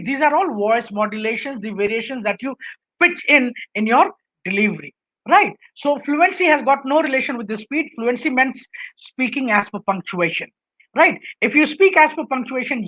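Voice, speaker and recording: A woman's voice: sits high, fairly bright tone, poor audio. A woman with an Indian English accent giving a webinar lecture on public speaking, going through numbered points and often checking in with "right?". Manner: instructive, lists numbered points, tags sentences with "right?".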